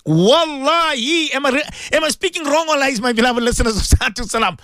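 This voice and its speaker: A man preaches over the radio in a fervent, repetitive way, firing direct questions at his listeners. His pitch swings widely as he talks. The sound is close and dry, with no room around it. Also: expressive, fairly quick, sharp tone, no room sound. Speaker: radio presenter giving religious advice. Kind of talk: impassioned radio sermon.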